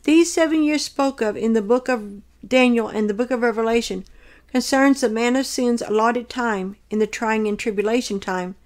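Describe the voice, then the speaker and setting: A woman reading aloud the words of a gentle, loving male divine figure, in a tender and solemn manner, in her own slightly high voice. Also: normal speed, natural voice.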